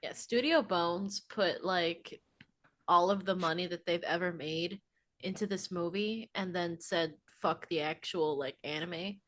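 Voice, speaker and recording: A woman co-hosting a podcast in casual chat, animated and laughing often. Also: lowish voice, measured pace. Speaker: podcast co-host.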